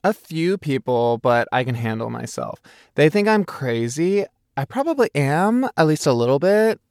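This is a chatty, rambling young man from a storybook, cheerful and a little scatterbrained, as a male narrator puts him on. He sits slightly above the narrator's own pitch, and the reading sounds dry and close. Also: very animated, moderate pace, a little mellow, no echo. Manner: rambling, chatty, self-deprecating.

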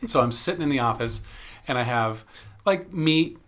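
A man's voice: mid-range voice, expressive, moderate pace, fairly bright tone. A man, a podcast co-host, chatting casually and telling a joking story with his wife, laughing often. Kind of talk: casual chat.

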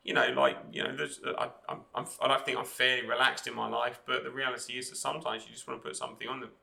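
A man's voice: mid-range voice, little pitch movement, quick pace, creaky, pushed and bright, low-quality recording. A middle-aged man co-hosting a podcast, chatting enthusiastically and leaning on tag questions. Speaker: podcast co-host. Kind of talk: casual chat.

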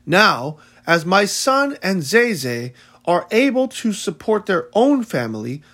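A man's voice: high-pitched, big pitch swings, slow pace, a bit bright, full character voice. A man voicing a grieving widowed mother who pleads formally before village elders, read as an audiobook. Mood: formal pleading. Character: grieving widowed mother, dignified then desperate. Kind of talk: audiobook reading.

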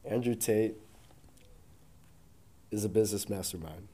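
A man's voice: lowish voice, a little slow, mellow. A man from Tacoma, a guest on a casual talk show, chiming in with short, laid-back, teasing remarks. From Tacoma, Washington, US. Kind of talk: casual chat.

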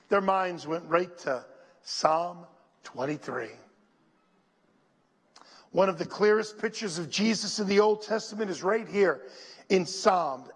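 A man's voice: high-pitched, a bit bright. A male pastor preaching a sermon, leading his congregation to repeat scripture lines and dropping to a near whisper on them. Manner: slow, drops to a near whisper on scripture phrases; call-and-response with the congregation. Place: church sanctuary. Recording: long reverb in a large hall.

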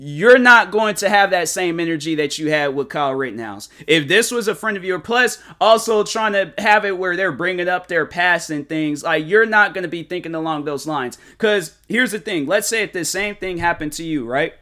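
A man's voice: high-pitched, lively intonation, moderate pace, hardly any pauses, pushed and bright. A man hosting a solo podcast, arguing his opinion in casual, slangy, emphatic and repetitive speech. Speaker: podcast host.

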